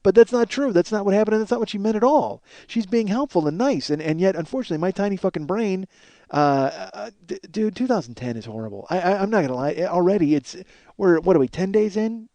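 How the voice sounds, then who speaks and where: A man's voice: high-pitched, lively intonation, fast talker, dark tone, no room sound. A man hosting his own podcast, rambling and mocking himself, tired and yawning, swearing a lot. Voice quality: profane, self-mocking, frequent restarts and yawns. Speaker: podcast host. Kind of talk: rambling self-deprecating podcast monologue.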